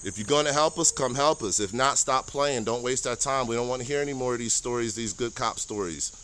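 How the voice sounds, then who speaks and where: An American man, an army veteran, delivers an impassioned monologue to camera while standing. He speaks earnestly, repeats his points and stumbles over words. His voice sits at a medium pitch. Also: brisk, fairly bright tone, a little hiss or hum. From United States.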